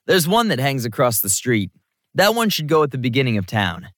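A man's voice: mid-range voice, big pitch swings, fairly quick, a bit bright, no echo, clean studio sound, voice pushed up. A man doing a cheerful playful young guy. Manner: cheerful, chatty.

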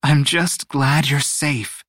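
A man's voice: fairly high pitch, lively intonation, a little slow, no echo, clean studio sound, pitched above the performer's own voice. A man voicing a tall, feathered goddess mother who is tender and doting, in a sing-song, affectionate voice. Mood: fond. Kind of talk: audiobook character voice.

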